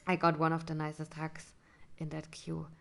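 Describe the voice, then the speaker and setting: A woman talking through her personal experience in a reflective vlog, hesitant and searching for words, sometimes dropping to a soft whisper. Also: sits low, completely flat delivery, moderate pace, vocal fry. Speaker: vlogger.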